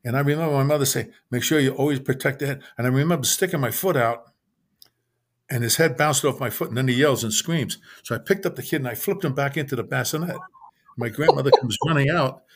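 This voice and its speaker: A man's voice: mid-range voice, fast. Older man spinning neighborhood stories. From Brooklyn, New York. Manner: animated anecdote teller, acts out quoted voices, frequent restarts. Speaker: author guest. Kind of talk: casual storytelling interview.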